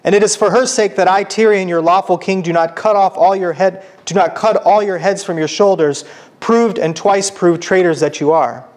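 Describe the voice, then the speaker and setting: A man's voice: high voice, normal speed, lightly acted. A man reading as a stern king. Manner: formal, old-fashioned speech. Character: stern lawful king, commanding.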